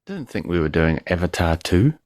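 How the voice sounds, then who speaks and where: A man's voice: deep voice, very animated, moderate pace, a little mellow, no echo. A man co-hosting a podcast over a remote call, ranting crudely and joking in casual banter. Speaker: podcast co-host.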